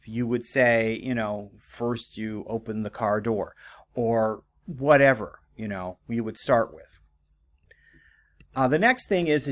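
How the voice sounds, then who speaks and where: A man's voice: medium pitch, fairly bright tone. Man, writing teacher, casual classroom lecture, fillers, checks in with students. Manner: conversational, many fillers and "okay?" checks.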